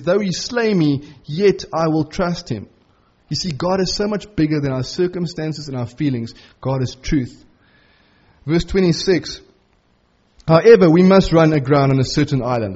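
A middle-aged man preaching a sermon in an earnest, conversational way, slowing right down on key phrases. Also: fairly high pitch, a little mellow, slightly rough, dull audio.

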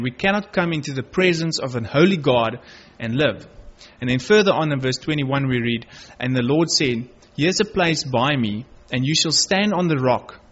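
A man's voice: medium pitch, a bit bright. A man preaching a sermon, reading Bible verses aloud and earnestly stressing key words. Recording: dull lo-fi recording.

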